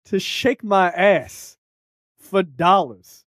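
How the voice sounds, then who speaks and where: A man co-hosting a casual movie review podcast, talking in an animated, profane way and acting out characters' lines. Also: high voice, extremely slow, dry recording, studio quality. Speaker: podcast co-host.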